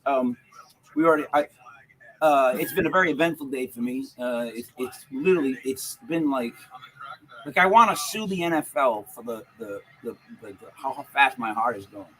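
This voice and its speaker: A man's voice: medium pitch, moderate pace, fairly bright tone, low-quality recording. A man hosting a podcast in a rambling, joking manner, full of restarts. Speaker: podcast host. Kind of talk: casual podcast chat.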